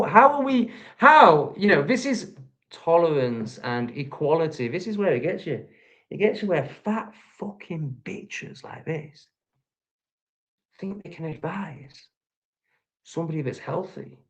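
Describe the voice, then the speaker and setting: A man's voice: fairly high pitch, expressive, slow, long pauses, fairly bright tone, highs cut off. A man from England with an English accent, ranting angrily and profanely at the critics in his reaction video. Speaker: vlogger. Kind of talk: angry reaction rant.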